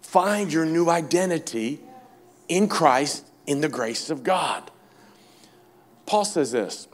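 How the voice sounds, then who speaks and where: Male preacher, higher-pitched, very animated delivery, emphatic sermon style with call-outs to the congregation. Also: slow. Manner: impassioned, swings from loud and high to low and quiet; repetitive, emphatic lists.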